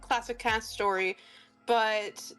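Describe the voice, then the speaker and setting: Casual woman streamer, a bit high-pitched, relaxed storyteller. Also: slow, clean tone, faint music behind. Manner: chatty, storytelling, laughs often. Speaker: streamer co-host.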